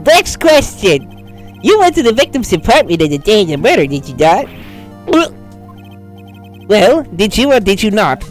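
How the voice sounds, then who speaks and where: A woman's voice: mid-range voice, very animated, moderate pace, long pauses, faint music behind, natural voice. A woman voicing a smug, pompous male prosecutor who accuses and presses.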